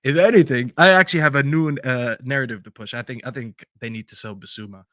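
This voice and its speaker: A man co-hosting a football podcast, giving strong opinions in a casual, animated debate. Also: medium pitch, fast, no room sound, clean studio sound. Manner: opinionated, animated, talks over hesitations.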